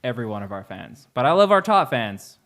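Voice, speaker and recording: An excitable man co-hosting a podcast, his pitch swinging up and down as he jokes. He mocks himself and jumps in eagerly. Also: a little fast. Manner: joking, excitable, self-mocking. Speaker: podcast co-host. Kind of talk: casual podcast chat.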